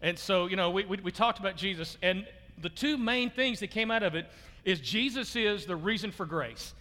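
A man's voice: sits high, lively intonation, moderate pace, sharp tone, big-room sound. A man preaching a sermon to his church in a loose conversational way, repeating words as he restarts and chuckling often. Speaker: pastor. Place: church sanctuary.

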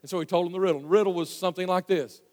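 A preacher with a high, folksy voice works through a scripture story, rising to near shouts and dropping to hushes. His sermon rings through a long hall reverb. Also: steady tone, rapid-fire.

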